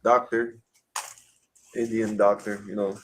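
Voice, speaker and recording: A man's voice: on the low side, flat delivery, slow pace, fairly bright tone, a little hiss or hum, low-quality recording. Blunt man grumbling on a live panel. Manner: blunt, heated complaining with rhetorical questions. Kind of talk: casual live panel chat.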